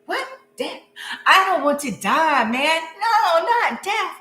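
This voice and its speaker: A woman doing a loud, slangy impression of a brash male comedian, with a laugh in her voice. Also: very high-pitched, big pitch swings, slow, reverberant, soft background music, voice pushed up, full character voice. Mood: joking.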